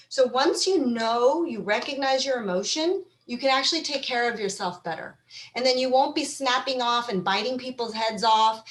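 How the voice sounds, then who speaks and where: Encouraging woman giving a wellness talk. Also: medium pitch. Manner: encouraging, conversational, animated when acting out feelings. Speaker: mental health speaker. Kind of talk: online panel talk.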